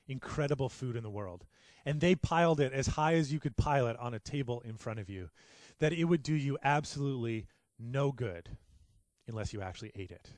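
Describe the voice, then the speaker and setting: A middle-aged male pastor giving a sermon, building to loud, passionate peaks and falling back to a soft, quiet delivery. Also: no echo. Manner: builds to loud, high-pitched passion, then drops to soft.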